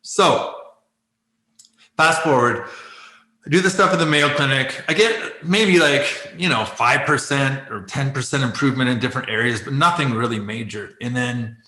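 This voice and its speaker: A man in his forties speaks with a bright, forceful edge, telling candid stories from his own life and acting out both sides of old conversations. He laughs often between lines. The voice bounces around an echoey room. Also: medium pitch, normal speed. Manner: animated, laughs often, acts out quoted exchanges. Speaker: guest, former pro athlete turned life coach.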